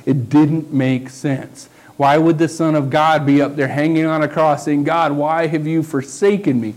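A man's voice: fairly high pitch, fairly even intonation, measured pace, darkish tone, rough recording. A man who is a pastor, preaching a sermon in a folksy, conversational way, often checking in with the congregation. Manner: folksy, conversational preaching with frequent "okay?" asides.

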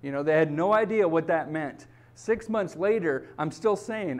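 A middle-aged man preaching a sermon in a fairly high voice. He is emphatic and keeps checking in with his congregation as he goes. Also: expressive, moderate pace, hardly any pauses, darkish tone. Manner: emphatic, repeats "okay?" to the congregation. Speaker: pastor.

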